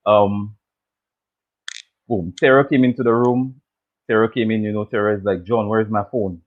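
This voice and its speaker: A man hosting a casual chat that recaps a TV show, talking loosely, repeating himself and laughing often. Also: lowish voice. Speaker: show host. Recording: tinny phone-like audio.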